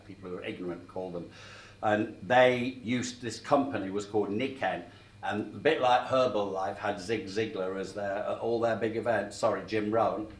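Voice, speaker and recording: A middle-aged man giving a sales training talk, telling stories and checking in with the room as he goes. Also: fairly low pitch. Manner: chatty, checks in with the room often. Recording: echoey room, mic at a distance.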